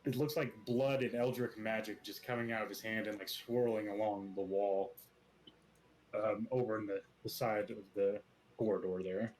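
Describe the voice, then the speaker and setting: A man narrating as game master of a tabletop role-playing game, relaxed and full of hesitations. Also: fairly low pitch, normal speed, a little hiss or hum, rough recording. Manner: relaxed, hesitant with many fillers.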